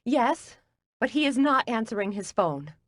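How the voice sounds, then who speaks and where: A woman reading an audiobook, voicing a frantic, indignant woman who works at a bakery, in agitated, high-strung outbursts. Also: sing-song, unhurried, fairly bright tone, exaggerated voice. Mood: alarmed, indignant.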